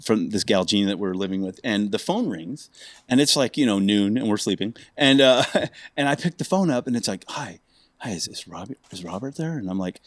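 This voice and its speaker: A man in his fifties from Los Angeles, a bassist telling stories in a casual interview, animated and full of fillers. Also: fairly quick, no echo. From Los Angeles, USA. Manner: animated storyteller, acts out quoted voices, many fillers. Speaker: bassist guest.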